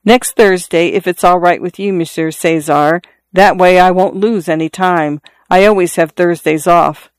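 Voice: mid-range voice, steady tone, normal speed, few pauses, clean tone, dry recording, lightly acted. A reader voicing a grieving, emotional young mother in an audiobook story, pleading and tearful. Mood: coaxing. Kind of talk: audiobook character reading.

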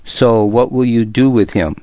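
Proud, defiant noblewoman voiced by a male audiobook reader, stern and sharp, slow and measured, dull lo-fi sound. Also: mid-range voice, no echo, natural voice. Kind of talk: audiobook character reading. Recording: dull lo-fi recording.

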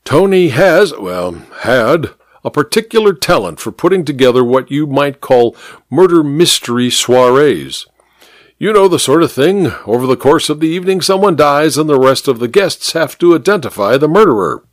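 A man voicing a blustering, snorting old army major with theatrical pauses, read in a dry storybook style. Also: fairly high pitch, lively intonation, no echo, pitched above the performer's own voice, natural voice. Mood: explaining.

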